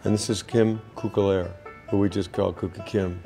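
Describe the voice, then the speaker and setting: A man's voice: fairly low pitch, little pitch movement, normal speed, warm tone, faint music behind. A man who voices a character, chatting casually and dryly joking on an animation set. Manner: dry, joking. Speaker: voice actor. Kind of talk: casual behind-the-scenes chat.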